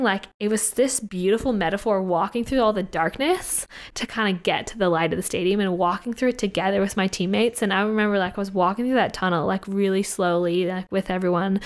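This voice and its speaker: Chatty young woman telling a story. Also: mid-range voice. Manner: animated, swears freely, many fillers. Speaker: guest, Olympic synchronised swimmer. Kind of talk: casual interview storytelling.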